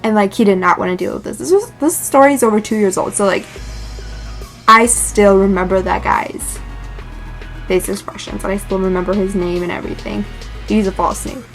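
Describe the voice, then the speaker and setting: A young woman vlogger casually telling a dramatic story, animated and filled with "like" and swearing. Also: brisk, vocal fry, faint music behind. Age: young adult. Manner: animated, lots of "like", swears, rises in pitch when excited.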